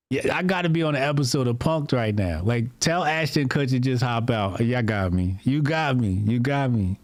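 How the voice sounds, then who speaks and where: Animated mocking man on a podcast. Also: medium pitch, normal speed, no room sound. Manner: animated, mocking, mimics others. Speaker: podcast co-host. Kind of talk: casual podcast commentary.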